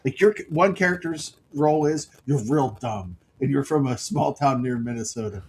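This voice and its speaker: A middle-aged man co-hosting a podcast, chatting casually and telling family stories with quick impressions of the people in them. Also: mid-range voice, a little mellow, a little hiss or hum, poor audio. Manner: storytelling, mimics his father's outbursts. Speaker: podcast co-host. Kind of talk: casual chat.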